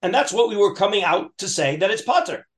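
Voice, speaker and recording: This man's voice sits high and is expressive and fairly quick. Teaching Talmud, he reads the Aramaic text in a singsong chant, then breaks it down with frequent restarts and questions for the class.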